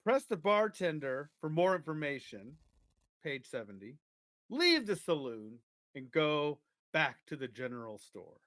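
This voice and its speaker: A man's voice: on the high side, a little slow, dry recording. A man co-hosting a podcast, chatting casually and reading an adventure story aloud to listeners. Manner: casual banter, reads the story aloud at an even pace.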